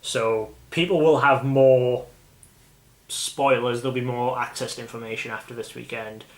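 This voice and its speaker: A British man talks casually at a mid pitch, hosting and thinking aloud as he goes. He rambles and often restarts his sentences. The recording carries a noticeable room echo. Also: fairly even intonation, moderate pace. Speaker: channel host. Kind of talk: casual chat about a card game. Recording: echoey room.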